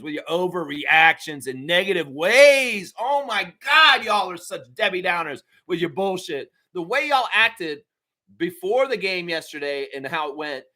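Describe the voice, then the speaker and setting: A man hosting a live fan show, ranting with lots of swearing and mocking impressions of other fans. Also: high-pitched. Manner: profane, animated ranting with mocking put-on voices. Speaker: sports podcast host.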